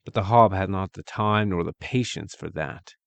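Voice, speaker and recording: A man narrating a dark fantasy story in a measured, dramatic way with archaic phrasing. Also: low voice, gravelly, no room sound.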